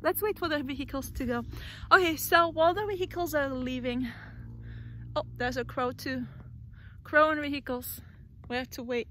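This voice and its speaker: A woman's voice: high voice, normal speed, bright, forceful tone, a little hiss or hum. A woman vlogging outdoors while flying her pet parrots, talking casually to viewers and cooing soothingly at the birds. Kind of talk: casual vlog chat.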